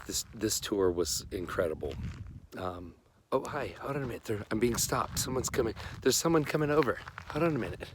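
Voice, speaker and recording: A man's voice: low voice, slight background noise. A man hosting a casual vlog outdoors in a desert park, talking in a chatty, enthusiastic, rambling way. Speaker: vlog host and touring singer.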